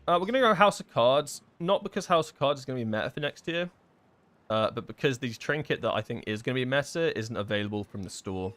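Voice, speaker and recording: A man's voice: mid-range voice, animated, fast talker, fairly bright tone. A man live-streaming a game, chatting casually and thinking aloud, full of fillers and restarts as he answers chat questions.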